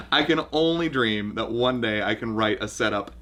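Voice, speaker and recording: A man hosting a casual commentary chat with laid-back banter and quick laughs. His tone is bright and his pitch sits mid-range. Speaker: show host and writer.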